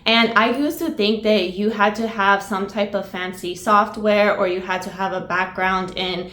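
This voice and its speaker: A woman hosting a software tutorial, upbeat and enthusiastic, her voice nasal from a recent cold. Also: mid-range voice, fairly even intonation, normal speed. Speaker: video tutorial host. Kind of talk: screen-recorded software tutorial.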